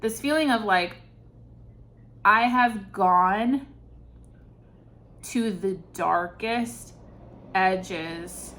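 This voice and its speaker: A woman's voice: mid-range voice, drawn-out words, long pauses, fairly bright tone, a little hiss or hum. A woman giving an intuitive tarot reading, earnest and searching for words with many fillers. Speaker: tarot reader.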